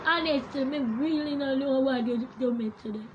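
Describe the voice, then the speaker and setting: A woman's voice: high voice, moderate pace, highs cut off, a little hiss or hum. A woman chatting on a live stream from her phone, distracted and laughing at herself. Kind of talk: casual live stream chat.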